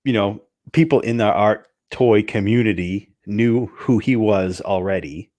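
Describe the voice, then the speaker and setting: A man co-hosting a relaxed podcast conversation, speaking in a somewhat low voice. He sounds wry and easygoing, with the odd sigh between his thoughts. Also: measured pace. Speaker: podcast co-host. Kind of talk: casual chat.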